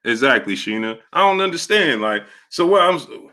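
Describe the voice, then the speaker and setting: A man's voice: mid-range voice, normal speed. A man hosting a live sports stream, reading out viewer comments and laughing often as he answers them. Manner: animated, laughing often, talking back to viewers. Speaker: sports show host. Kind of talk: live-stream chat reading super chats.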